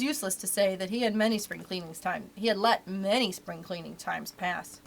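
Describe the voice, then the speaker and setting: A woman reading a children's book aloud for a library storytime, with expressive, animated delivery. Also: mid-range voice, moderate pace, gravelly, few pauses, slight background noise.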